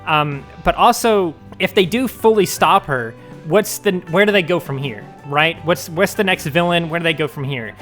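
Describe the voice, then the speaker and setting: A man with a slightly higher voice talks through a casual fan commentary video. He rambles and speculates, padding his thoughts with ums and likes, over faint background music. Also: moderate pace, few pauses, a bit bright. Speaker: fandom news video host.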